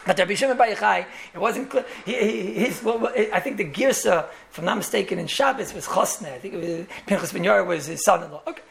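A man's voice: high-pitched, brisk, gravelly, few pauses, a bit bright. A man, a rabbi, gives a Torah lecture in English full of Yiddish and Hebrew terms, telling stories with repeated words and chuckling asides.

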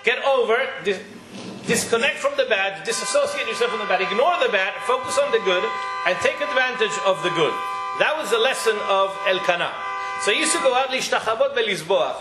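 Brief: male Torah teacher, high and bright, animated, echoey room, faint noise. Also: a little fast, over music. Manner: animated, mixes Hebrew quotes with English explanation. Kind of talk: Torah class.

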